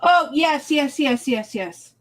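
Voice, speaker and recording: A woman's voice: sits high, lively intonation, takes it slowly. A woman co-hosting a casual crafting livestream over a video call. She explains things step by step and keeps checking "okay?". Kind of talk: casual chat.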